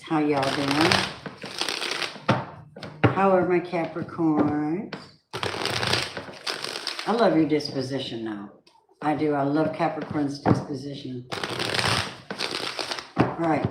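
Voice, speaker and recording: A woman's voice: low-pitched, slow pace, long pauses, heavy background noise. A woman giving a weekly tarot reading, chatty and blunt, talking straight to the viewer. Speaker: tarot reader. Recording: roomy echoey room.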